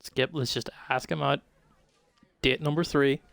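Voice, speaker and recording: A man's voice: mid-range voice, fairly even intonation, measured pace, gravelly, a bit bright, no echo. A man streaming live, making muttered commentary while playing a dating game. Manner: muttered asides while choosing.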